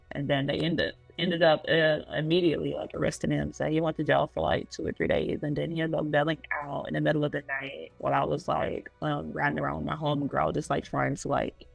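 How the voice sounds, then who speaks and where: A woman's voice: sits low, level tone, a little fast, gravelly, few pauses, slightly rough, no room sound, soft background music, low-quality recording. A woman telling her own story as a guest in a loose, casual way, full of filler words.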